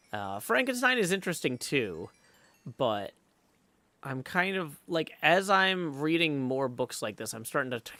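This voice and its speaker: A man's voice: medium pitch, sharp tone, no echo. A man live streaming while he plays, chatting casually and thinking aloud with lots of fillers, and greeting viewers in the chat.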